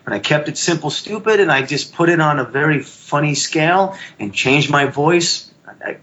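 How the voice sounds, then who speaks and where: An animated man swapping stories on a podcast, his voice sitting a little high and shooting up further when he gets worked up. The sound is slightly dull and lo-fi, like a modest home setup. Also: normal speed, slight background noise. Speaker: podcast guest. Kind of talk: casual storytelling chat.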